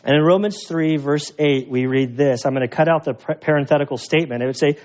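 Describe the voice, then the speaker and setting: A man delivering a sermon from the pulpit, talking through scripture in a conversational, emphatic way with some self-deprecating humor. His voice sits a bit high for a man. The recording is dull and lo-fi. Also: fast talker, darkish tone. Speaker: pastor. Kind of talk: expository sermon.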